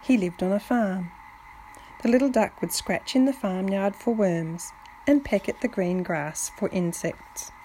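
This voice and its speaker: Slow gentle woman reading a storybook. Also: medium pitch, slight background noise, rough recording. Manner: slow, gentle, with soft whispered touches. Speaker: family storyteller. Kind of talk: reading a children's story aloud.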